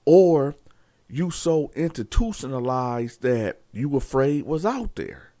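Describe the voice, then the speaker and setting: A man's voice: mid-range voice, slow pace, no echo. A man hosting his channel, telling a prison story in casual talk, acting out the dialogue and speaking straight to his viewers. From Columbus, Ohio area. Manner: animated storytelling, acts out dialogue, addresses viewers as y'all.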